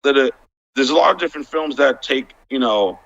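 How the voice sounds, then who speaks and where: A man with a bright voice talks as a guest on a casual panel, halting, restarting and stacking up "like" as he works out his point. His sound comes through dull and lo-fi. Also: medium pitch, expressive, creaky.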